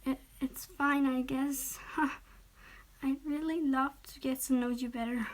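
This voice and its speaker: Woman voicing an emotional teen boy, stammering, a little higher, whispered role-play. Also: steady tone, slow pace. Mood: hesitant. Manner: hesitant, stammering. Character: sensitive teenage boy, emotional and hesitant.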